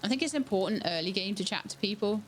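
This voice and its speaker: A woman talks through her farming game in a relaxed, chatty way, thinking aloud as she plays. Her voice sits at an ordinary middle pitch. Soft game music and rain patter behind her. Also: fast talker. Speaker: game streamer. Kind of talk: casual let's-play commentary.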